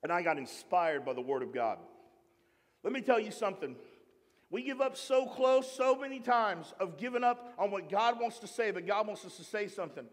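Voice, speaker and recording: A man's voice: high-pitched, normal speed. A man preaching a sermon as pastor, joking and calling out to the congregation for amens and raised hands. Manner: humorous, animated preaching with call-and-response to the congregation. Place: church sanctuary. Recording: long hall reverb in church.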